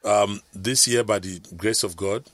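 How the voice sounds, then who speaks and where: A man's voice: on the low side, fairly even intonation, measured pace, fairly bright tone, dry recording. A middle-aged man, telling rambling stories in casual chat, with preachy asides.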